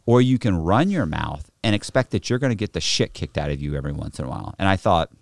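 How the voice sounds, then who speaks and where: Lively, profane man telling stories. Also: low-pitched, fast talker, vocal fry, dry recording, studio quality. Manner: profane, animated, acts out the other people in his story. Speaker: podcast guest. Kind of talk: casual storytelling.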